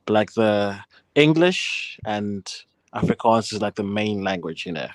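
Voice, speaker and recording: Guy, lowish voice, dry close sound, laid-back chat on a stream. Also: a little slow, no echo. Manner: relaxed, uses fillers like "like". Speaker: guest on a livestream. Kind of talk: casual chat.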